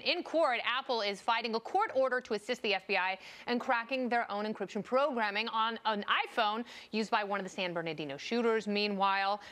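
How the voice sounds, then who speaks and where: Brisk, high-voiced woman hosting. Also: a bit bright. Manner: brisk, wisecracking. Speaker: TV panel show host. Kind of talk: cable news panel hosting.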